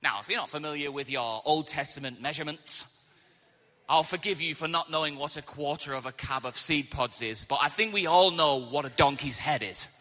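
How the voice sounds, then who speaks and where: A man's voice: on the high side, fairly quick, in a large hall. A man preaching a sermon, telling stories animatedly and acting out the quotes. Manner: animated storytelling with acted-out quotes.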